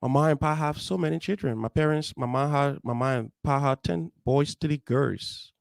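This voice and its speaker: A man's voice: fairly high pitch, normal speed, gravelly, dry recording, clean studio sound. A young adult man with a Liberian English accent, host of a motivational show, telling his life story in an earnest, heartfelt way. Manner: earnest, heartfelt, acts out dialogue. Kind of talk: personal storytelling.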